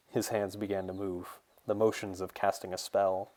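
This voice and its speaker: A man, the author, reading his fantasy novel in a steady, measured storytelling voice. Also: low voice. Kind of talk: audiobook narration.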